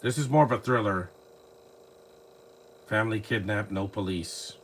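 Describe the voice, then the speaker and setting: A man's voice: lowish voice, moderate pace, a bit bright, a little hiss or hum. A man casually rambling through a live movie commentary, full of restarts and fillers, recorded on a phone at home. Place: home, lives near trees.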